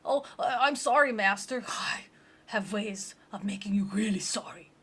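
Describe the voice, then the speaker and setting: A woman's voice: high voice, normal speed, bright, forceful tone, voice pushed up. A woman voicing a cringing male demon servant who grovels in a whispery voice.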